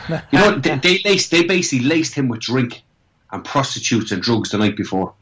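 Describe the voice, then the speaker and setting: A man's voice: medium pitch, big pitch swings, a little fast, fairly bright tone, poor audio. A middle-aged Irish man telling rambling anecdotes in casual chat, restarting lines often and swearing freely. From Ireland. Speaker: guest.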